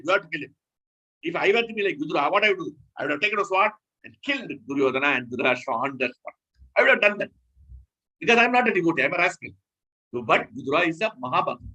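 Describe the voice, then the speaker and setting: Animated male preacher with a husky voice. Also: a little high, low-quality recording. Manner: animated, emphatic, self-correcting. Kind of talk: scripture lecture.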